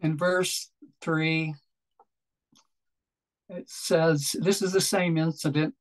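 A man preaching a sermon in a gentle, reflective way, pausing often and restarting his phrases. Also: on the high side, fairly even intonation, low-quality recording.

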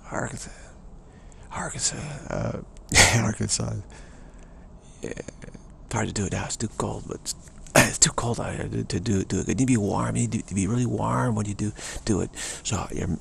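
A man's voice: fairly low pitch, gravelly, a little hiss or hum. A man rambling playfully in a casual monologue outdoors about how to do regional accents. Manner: playful, rambling, many fillers. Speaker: spiritual vlogger. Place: outdoors, cold.

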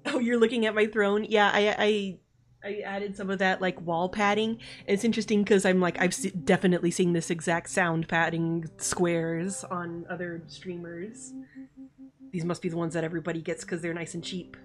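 A woman's voice: fairly low pitch, moderate pace. Chatty young woman streamer, swears a lot. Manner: chatty and excitable, swears freely. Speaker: game streamer. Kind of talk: casual live-stream chat.

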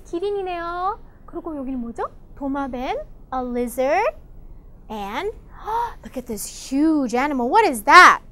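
Brief: woman teacher, enthusiastic storybook reader, bright high voice, fast delivery. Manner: enthusiastic, gasps often, explains in Korean. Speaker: English teacher reading a picture book. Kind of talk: bilingual storybook lesson for children.

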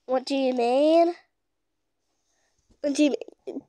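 High-pitched woman gushing over her game, slow talker, dry close sound. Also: no room sound. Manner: excitable, gushing exclamations. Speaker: gaming YouTuber. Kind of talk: casual gameplay commentary.

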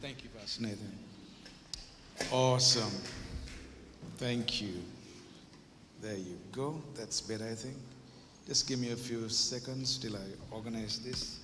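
A guest workshop speaker addresses a church audience through a handheld mic, his mid-range voice steady and unhurried with frequent pauses, amid background noise. Conversational and playful, he often adds tag questions, then shifts into emphatic, preacher-like declarations. A long reverb from the church auditorium carries his voice.

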